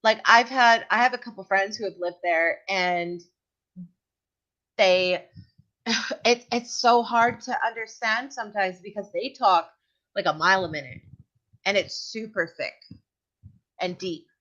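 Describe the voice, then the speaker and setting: A woman hosts a stream in an easy, chatty way and laughs between her thoughts. Her pitch sits in the middle, and the audio comes through muffled and dull. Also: measured pace, pauses often, bright, forceful tone. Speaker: livestream host. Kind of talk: casual chat.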